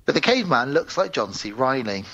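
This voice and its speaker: A man co-hosting a podcast, casually retelling a film's plot with animated asides and quick acted-out quotes. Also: medium pitch, lo-fi sound, a little hiss or hum. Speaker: podcast co-host. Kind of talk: casual chat.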